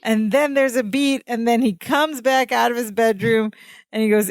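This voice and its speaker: A woman's voice: fairly high pitch, steady tone, moderate pace, dry recording, studio quality. A woman co-hosting a podcast, casually recapping a sitcom episode and mimicking the characters' lines and reactions. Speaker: podcast co-host.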